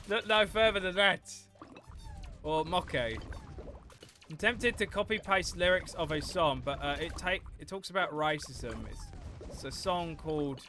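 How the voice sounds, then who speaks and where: A young man livestreaming a game, chatting casually with his viewers, rambling and swearing freely. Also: on the high side. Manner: rambling, swears freely, reads chat aloud. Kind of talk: casual gameplay stream chat.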